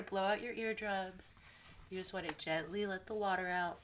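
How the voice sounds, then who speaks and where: A woman's voice: medium pitch, a little slow, a little hiss or hum. A woman vlogger with a slightly nasal, congested voice, chatting casually to camera and wandering off on tangents. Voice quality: a little nasal. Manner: rambling, chatty, goes off on tangents. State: congested with a cold.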